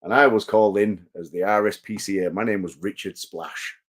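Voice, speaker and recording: A man with a fairly low voice chats as a guest in a casual interview. He rambles through stories with restarts and pokes fun at himself. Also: fairly even intonation, a little fast. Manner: self-deprecating, rambling storyteller. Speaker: guest wrestler.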